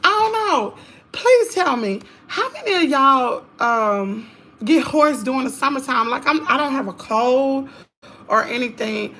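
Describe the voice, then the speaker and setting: A hoarse woman with a Southern US accent, chatting to viewers in her home kitchen on a phone livestream. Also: sits high, expressive, measured pace, bright, forceful tone. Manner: chatty, talks straight to viewers, says y'all a lot. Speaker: livestream host. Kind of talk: casual livestream chat while cooking.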